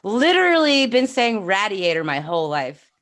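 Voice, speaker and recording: A woman's voice: medium pitch, very animated, normal speed, heavy background noise. A woman in her thirties from New York with a New York accent, co-hosting a podcast and chatting casually on a livestream, rambling and laughing often. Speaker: podcast co-host.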